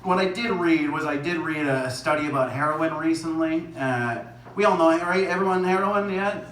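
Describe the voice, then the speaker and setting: A man's voice: a little high, moderate pace, a bit bright. A man doing a rambling, self-mocking stand-up set, laughing at his own jokes. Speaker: stand-up comedian. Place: small comedy venue with audience. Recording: echoey room from far off, noisy.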